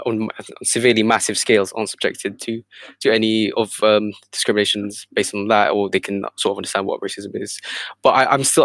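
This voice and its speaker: A man's voice: lowish voice, no room sound. A man in a casual podcast discussion, stating his view in a careful, hedging way.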